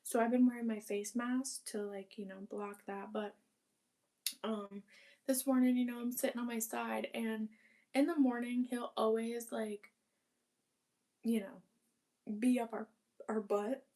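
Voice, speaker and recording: A woman's voice: a little high, fairly even intonation, unhurried, long pauses, mellow. A young woman chatting casually while cleaning her apartment, rambling with lots of fillers and casual swearing. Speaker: vlogger.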